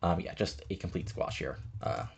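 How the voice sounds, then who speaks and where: A man casually narrating a wrestling management game and reading the wrestlers' promos aloud in a flat murmur. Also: low-pitched, moderate pace, husky. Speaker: game commentator.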